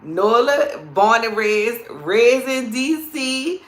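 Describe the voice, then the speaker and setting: A woman's voice: a little high, expressive, slow, echoey room. A woman with a New Orleans accent, chatting casually and playfully with viewers on a live stream as a comedian host. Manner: chatty, playful, calls viewers "girl" and "child".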